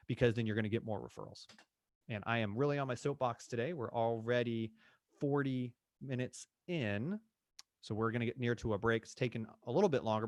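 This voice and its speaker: Man, real estate coach, lively acted-out dialogue, mid-pitched voice, dry room. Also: no echo. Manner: energetic, acts out client and agent dialogue. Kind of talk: live online training session.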